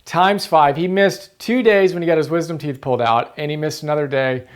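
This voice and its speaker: A man's voice: on the high side, fairly quick, clean tone. A man hosting a motivational book-summary video, earnest and emphatic, repeating key phrases for stress.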